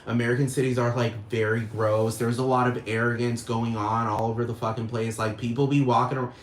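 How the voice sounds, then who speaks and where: A man's voice: medium pitch, flat delivery, brisk, reverberant, a little hiss or hum, rough recording. A man ranting casually to camera, rambling and profane, repeating himself and laughing often. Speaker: vlogger.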